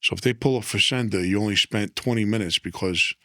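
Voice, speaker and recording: A man's voice: lowish voice, a little fast, bright, forceful tone, no echo, studio quality. A man talking through a casual interview, streetwise, handing out tips step by step. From United States. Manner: streetwise, instructive, tosses out tips. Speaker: interview guest. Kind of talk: casual storytelling chat.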